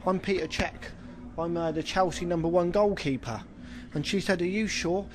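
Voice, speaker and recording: A man's voice: high voice, fairly even intonation, moderate pace, darkish tone, a little hiss or hum, low-quality recording. A man with a Scottish accent telling jokes on a radio phone-in, cheerfully laughing at his own punchlines. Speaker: joke-telling caller.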